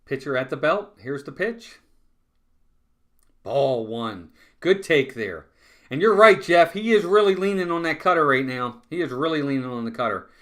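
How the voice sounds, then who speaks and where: Excitable fan calling a baseball game. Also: male voice, fairly high pitch, moderate pace. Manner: excitable, groans and vents frustration at calls. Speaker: fan play-by-play streamer. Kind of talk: live fan play-by-play with chat.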